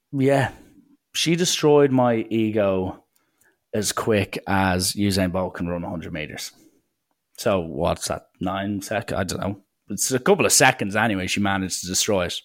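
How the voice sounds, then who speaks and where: A young adult man with an Irish accent telling rambling, jokey stories in a casual monologue, often interrupting himself. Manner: animated, swings pitch for acted quotes.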